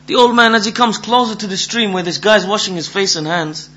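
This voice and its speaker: A man telling a folk tale aloud in a lively, casual way, full of asides. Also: high-pitched, brisk. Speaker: storyteller. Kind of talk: oral storytelling.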